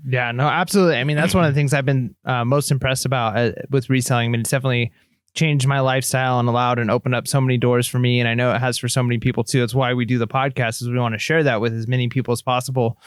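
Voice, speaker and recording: A man hosting a podcast, upbeat and chatty, feeling his way through his questions with fillers. His voice sits at a middle pitch, and the recording is close and dry, with no room echo. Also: flat delivery, racing, clean tone. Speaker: podcast host. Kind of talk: casual interview.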